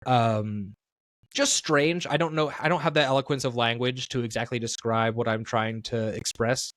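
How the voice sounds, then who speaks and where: A man talks through his opinions on a casual podcast, rambling and self-correcting as he goes. His voice sits at an ordinary pitch and is recorded close and dry. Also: fairly even intonation, moderate pace, a bit bright, no room sound. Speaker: podcast co-host.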